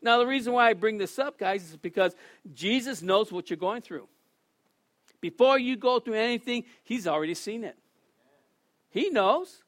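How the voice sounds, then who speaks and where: A man preaching a casual sermon, animated, often restarting and acting out quotes. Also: sits high, moderate pace, long pauses, dry recording, clean studio sound.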